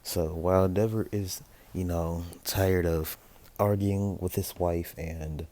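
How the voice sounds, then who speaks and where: Deep-voiced young man rambling casually. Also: steady tone, slow pace, mellow. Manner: rambling, self-correcting, lots of fillers. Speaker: fan story narrator. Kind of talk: casual improvised storytelling.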